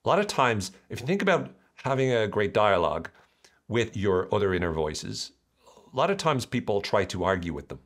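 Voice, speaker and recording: Low-voiced, animated male podcast host. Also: normal speed. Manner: animated, playful, acts out voices. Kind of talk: motivational podcast talk.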